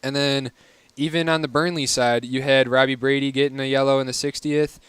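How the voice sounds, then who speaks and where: A man's voice: medium pitch, flat delivery, a little fast, a bit bright, clear, resonant tone, no room sound. A young man hosting a casual solo soccer recap, chatty, wry and opinionated. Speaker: podcast host.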